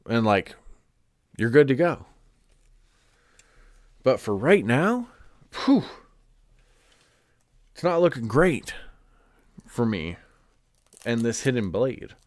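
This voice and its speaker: A man's voice: medium pitch, no echo, studio quality. A man chatting casually on a live stream, congested and rambling with lots of "like" and restarts. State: stuffed up, congested.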